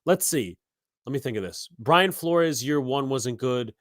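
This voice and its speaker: A man's voice: medium pitch, animated, measured pace, no echo. Give me a man in a mid-range voice, ranting hot and profane on a live sports podcast, recorded dry. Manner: heated, profane, swelling loud when angry. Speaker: podcast host.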